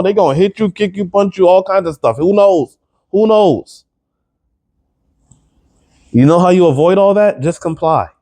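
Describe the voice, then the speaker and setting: A man delivers a commentary monologue to his viewers, pressing his points with incredulous rhetorical questions. His voice sits slightly high for a man, yet it sounds mellow and warm rather than bright. He often doubles back on his words when he gets heated. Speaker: commentary vlogger. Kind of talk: opinion commentary to camera.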